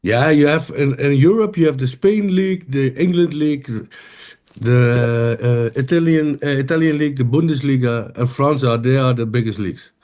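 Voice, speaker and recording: A middle-aged man from the Netherlands with a Dutch accent, a podcast guest speaking halting English and searching for words. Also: medium pitch, a little mellow. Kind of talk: casual interview chat.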